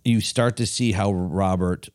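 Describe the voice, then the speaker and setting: A man co-hosting a casual podcast chat, animated and loose, swearing freely and acting out quotes. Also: deep voice, a little slow, dry recording, clean studio sound. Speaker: podcast co-host.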